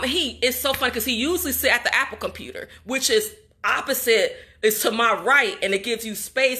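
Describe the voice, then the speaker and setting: A woman's voice: on the high side, brisk, sharp tone. Upset young woman venting to viewers. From Chicago. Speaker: vlogger and graduate student. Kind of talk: casual emotional vlog monologue.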